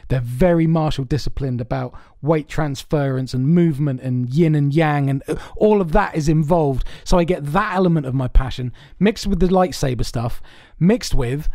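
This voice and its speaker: A man's voice: fairly high pitch, moderate pace, few pauses, a little mellow, no echo, clean studio sound. A man co-hosting a podcast in casual chat, telling rambling stories with lots of laughs and swearing, from a soundproofed home setup. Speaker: podcast co-host. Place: home recording space with soundproofing.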